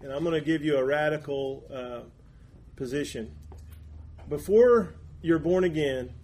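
A man teaching a Bible class in a conversational, folksy way, with halting restarts and asides. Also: mid-range voice, a little mellow, slight background noise.

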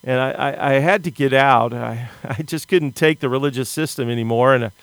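A man's voice: mid-range voice, a little fast, no room sound. A middle-aged man from the United States preaching a sermon, earnest and often repeating words as he starts a sentence.

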